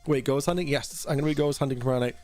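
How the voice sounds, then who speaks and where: A man's voice: medium pitch, very fast, darkish tone. A man runs a casual livestream show, reading viewer super chats aloud. He rambles, restarts his sentences, swears freely and breaks into laughter often. Faint music plays in the background. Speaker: livestream talk show host.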